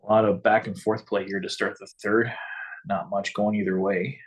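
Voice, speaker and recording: A man with a low, husky voice talks through a hockey game in a relaxed, offhand live-stream chat. He drops dry asides between his opinions. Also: normal speed. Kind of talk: casual hockey watch-along chat.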